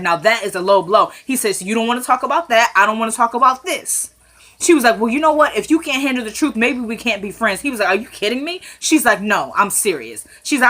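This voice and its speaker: A woman casually recapping a TV drama episode, retelling scenes as quick paraphrased dialogue and chatting to viewers as "y'all.". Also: medium pitch. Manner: addresses viewers as "y'all", rising into animated commentary.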